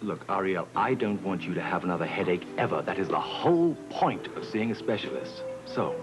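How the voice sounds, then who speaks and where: A polite, wealthy lord with a British accent speaks formally and with reserve. His lowish voice moves up and down expressively. Clear music plays under this 1980s soap opera scene. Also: lively intonation, a little fast. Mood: courteous. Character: wealthy foreign male ship owner, courteous lord.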